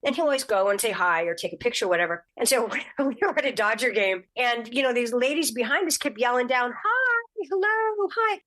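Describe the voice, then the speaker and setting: A middle-aged woman, a guest actress, telling stories in a casual podcast chat, animated and jumping into high voices for quotes. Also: brisk, hardly any pauses.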